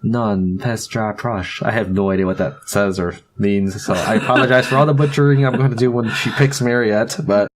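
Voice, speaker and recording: A man's voice: on the low side, fairly quick, few pauses. A man reading aloud and narrating a story game in a laid-back way.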